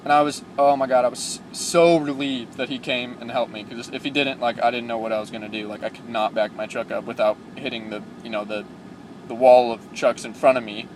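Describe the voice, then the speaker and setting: A young man who's a new truck driver tells stories in a casual, rambling vlog, full of fillers and excited asides. His voice is medium-pitched and a little fast, with a slight hiss or hum in the audio.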